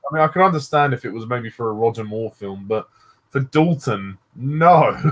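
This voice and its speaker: A man's voice: mid-range voice, expressive, normal speed. A man hosting a casual film discussion, agreeing briefly and often laughing. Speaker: channel host.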